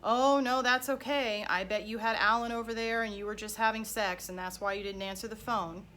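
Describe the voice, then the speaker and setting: A woman's voice: medium pitch, normal speed, sharp tone, slight background noise, lightly acted. A woman quoting her jealous husband in a passive-aggressive, mock-breezy teasing manner. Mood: sarcastic. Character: sarcastic jealous adult husband, mocking.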